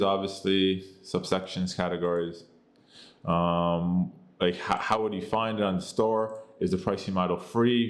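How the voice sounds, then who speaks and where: Deep-voiced rambling American guy. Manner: rambling, filler-heavy, says "boom" and "you get the idea". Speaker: tech reviewer. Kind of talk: casual screen-recorded app review.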